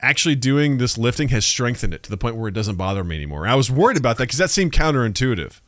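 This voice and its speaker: Speaking fast in a mid-range voice, a man in his thirties co-hosts a laid-back podcast, relating stories with gusto and impersonating whoever he's quoting. The audio is studio quality with no room sound.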